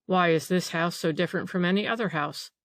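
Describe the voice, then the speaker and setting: Gentle old male sleuth voiced by a woman narrator, lowish and even, close dry read. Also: fairly quick, no room sound, close to an everyday voice. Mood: polite. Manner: polite, calm, questioning.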